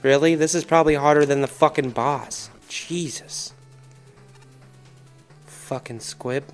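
A man's voice: on the high side, unhurried, soft background music. A man commenting on his own video game play, swearing heavily and ranting in frustration. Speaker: gaming commentator. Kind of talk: angry let's-play commentary.

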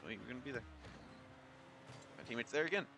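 A man giving casual commentary on his own gameplay. He thinks aloud in a chatty way and jumps into excited high yelps. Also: fast, vocal fry, music in the background. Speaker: YouTuber.

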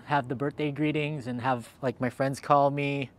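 A man's voice: mid-range voice, steady tone, normal speed, a little hiss or hum. A man hosting a casual livestream, upbeat and chatty, thanking viewers by name, a little out of breath. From Southern California. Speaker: livestream host. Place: outdoors in cold weather.

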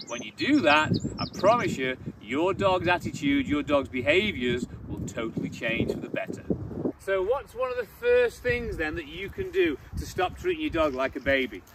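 A man giving blunt, opinionated dog-training advice to camera, outdoors. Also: noisy background. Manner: blunt, opinionated, mocks baby talk in a high voice.

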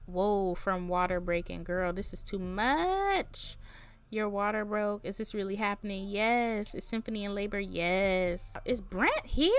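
A woman giving expressive, chatty game commentary, full of casual slang, quick exclamations and laughter. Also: mid-range voice. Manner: casual slang-heavy talk. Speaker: gaming content creator. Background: faint background music.

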